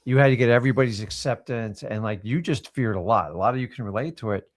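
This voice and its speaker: A man's voice: mid-range voice, fast. A man in his thirties chatting casually in a loose, rambling way. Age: 30s. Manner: loose, rambling, lots of fillers. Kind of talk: casual chat.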